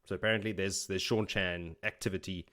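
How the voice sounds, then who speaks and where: Low-voiced man recapping a book. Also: fairly even intonation, bright, forceful tone, smooth. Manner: laughs often, acts out characters' lines in quick paraphrase. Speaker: podcast host. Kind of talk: casual book recap chat.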